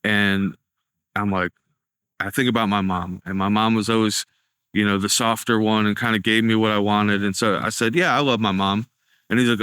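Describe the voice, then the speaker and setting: A man's voice: lowish voice, normal speed, bright, forceful tone, clear, resonant tone, dry recording, studio quality. A young man earnestly tells his recovery testimony, acting out the dialogue he quotes. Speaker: testimony speaker.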